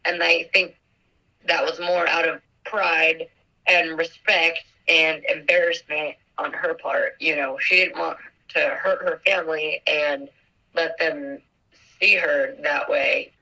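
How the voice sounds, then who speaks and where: Bright-voiced young woman, emotional and halting. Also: deep voice, fairly even intonation, gravelly, recorded from a distance, low-quality recording. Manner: emotional, halting, many fillers. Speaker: guest, victim's daughter. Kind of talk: personal storytelling in an interview.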